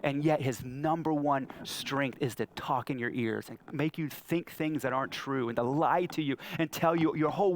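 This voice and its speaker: A man in his thirties preaching a sermon, telling stories and acting out the lines he quotes. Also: a little hiss or hum. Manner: storytelling, acts out quotes with big pitch jumps. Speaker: pastor. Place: church hall.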